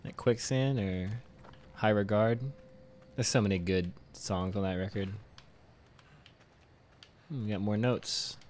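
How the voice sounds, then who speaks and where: A man's voice: on the low side, slow pace, pauses often, a little mellow, slight background noise. A man streaming a game from home, chatting casually, joking, swearing and laughing often. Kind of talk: casual live gaming stream chat. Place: home room.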